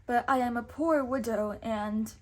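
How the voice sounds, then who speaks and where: A poor, gentle widowed mother rabbit speaks kindly and politely, as a woman voices her while reading a storybook. She sounds humble and warm-hearted. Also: fairly high pitch, a little slow, natural voice. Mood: apologetic.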